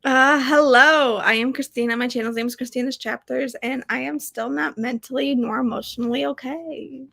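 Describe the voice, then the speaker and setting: A young woman with a high, bright voice, a guest on a casual livestream book discussion. She gushes emphatically. The sound is dry and close. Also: steady tone, brisk, creaky, few pauses, husky, dry recording. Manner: gushing and emphatic. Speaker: booktube guest.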